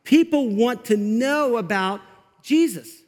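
A male pastor giving an energetic, conversational sermon in church, getting fired up and laughing as he talks. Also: very high-pitched, takes it slowly. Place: church sanctuary. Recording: long reverb of a large hall.

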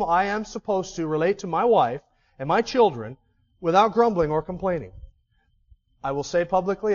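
A man's voice: sits high, in a large hall, lo-fi sound. A man preaching a sermon as a pastor, with emphatic stress and repeated key words.

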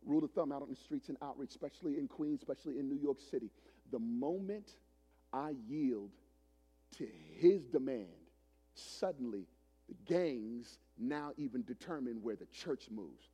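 A man in his forties preaching a sermon as a pastor, telling a story dramatically, swinging from loud preaching to hushed retelling. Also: medium pitch, animated, moderate pace, breathy edge. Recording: long hall reverb.

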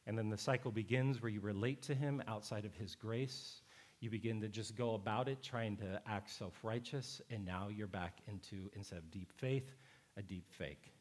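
A man's voice: lowish voice, moderate pace. A middle-aged male pastor preaching a sermon, conversational and emphatic, with repeated phrases for stress.

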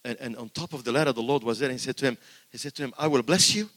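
An older man preaching a sermon in a church, swinging between loud exclamations and quiet asides, repeating words for emphasis. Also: medium pitch, fairly even intonation, very fast, in a large hall.

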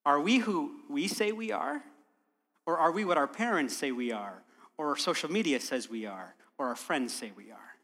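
A man's voice: on the high side, animated, normal speed, in a large hall. A man preaching a sermon as a guest, telling stories and asking the congregation rhetorical questions. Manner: warm storyteller, rhetorical questions.

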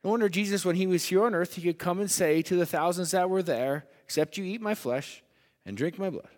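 A man preaching a sermon in a church hall, swinging between loud emphatic lines and hushed ones. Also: high-pitched, fairly quick. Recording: long hall reverb.

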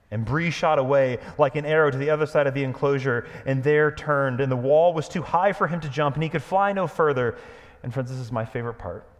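A man's voice: mid-range voice, in a large hall. A male pastor preaching earnestly, reading a story aloud and leading a prayer. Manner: earnest, growing quiet and intimate in prayer.

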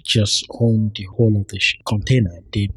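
Guy asking interview questions, low husky voice, dry room, restarts his sentences. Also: little pitch movement, fairly quick, a bit bright, dry recording. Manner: steering questions, restarts phrasing.

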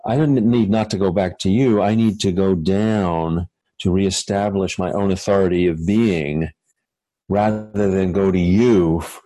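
A man, a guest author, talking reflectively in a halting way with many fillers and restarts. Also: on the low side, dark tone, no echo, rough recording. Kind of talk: reflective conversational talk.

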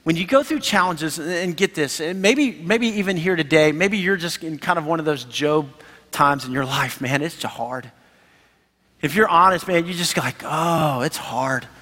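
A man preaching a sermon as pastor, animated and conversational, acting out the voices he quotes. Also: fairly high pitch, moderate pace. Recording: reverberant hall.

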